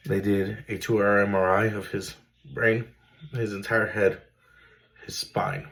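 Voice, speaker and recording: A man's voice: fairly low pitch, level tone, measured pace, creaky, a bit bright, rough recording. A man, earnestly telling his own emotional story as a father, with many fillers. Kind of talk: personal storytelling to camera.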